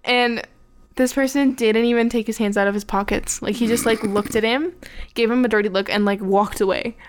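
A woman's voice: a little high, steady tone, brisk. A young woman chatting casually on a podcast, telling a story in a frank, swearing, laughing manner. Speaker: podcast guest, host's fiancée.

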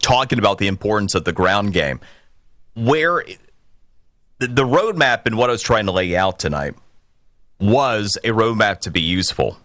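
Emphatic bright-voiced male radio host. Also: fairly low pitch, lively intonation, normal speed, long pauses, no echo, clean studio sound. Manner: emphatic, opinionated, rising to forceful peaks. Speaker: radio talk show host. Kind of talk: political call-in radio talk.

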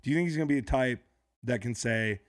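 A man's voice: mid-range voice, fast, no echo. A man hosting a podcast in a studio, talking casually and asking long, chatty, leading questions. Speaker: podcast host.

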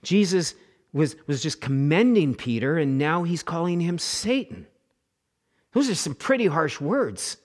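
A middle-aged man preaching a sermon as pastor, animated, acting out quoted voices and repeating words as he goes. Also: on the high side, unhurried.

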